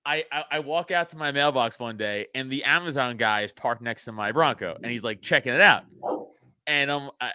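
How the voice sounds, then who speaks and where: A man in his thirties hosting a casual podcast, a comedian telling stories in an animated, profane, laughing way. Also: mid-range voice, a little fast, clean tone, dry recording, clean studio sound. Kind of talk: casual chat.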